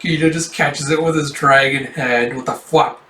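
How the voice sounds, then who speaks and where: A man's voice: medium pitch, steady tone, moderate pace, bright, forceful tone. A man casually reading a comic aloud, chatty and adding sound effects, in a roomy recording taken from a distance. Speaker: manga reader. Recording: roomy, distant mic, faint background noise.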